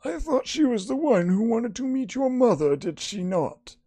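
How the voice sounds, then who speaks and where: A man voicing a mysterious woman psychic in a text game, speaking slowly and measured. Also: very high voice, big pitch swings, mellow, dry recording, pitched above the performer's own voice, exaggerated voice. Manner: slow, measured.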